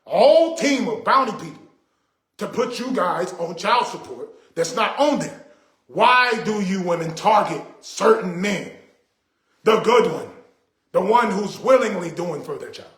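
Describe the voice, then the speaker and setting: A middle-aged man with a fairly high voice delivers an indignant, preachy rant straight to camera, hammering his points home by repeating them. The sound bounces around an echoey room. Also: expressive, measured pace, fairly bright tone. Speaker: vlogger. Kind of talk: ranting monologue to camera.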